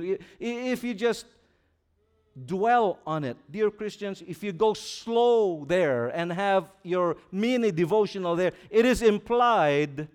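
Smooth and animated, this pastor's voice sits high as he preaches slowly, swelling and dropping his volume to stress points. He leads the congregation in call-and-response, asking them to echo his words.

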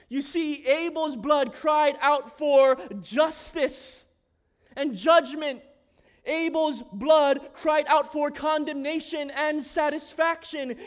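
A man preaching a sermon, moving between hushed scripture reading and impassioned shouted declarations. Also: extremely high pitch.

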